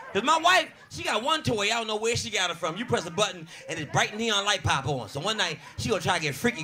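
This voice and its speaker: A man's voice: sits high, pushed and bright, a little hiss or hum. A man in his forties performing a brash, profane stand-up comedy set, with an audience laughing along. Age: 40s. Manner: brash, profane, punchy storytelling.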